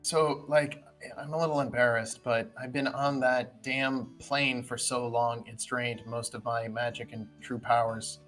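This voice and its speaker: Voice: mid-range voice, flat delivery, a little slow, hardly any pauses, fairly bright tone, soft background music, pitched below the performer's own voice, lightly acted. A game master voicing a sly, flirty female spirit trapped inside a magic sword, talking casually with lots of fillers. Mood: sheepish. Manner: casual, teasing, rambling with fillers.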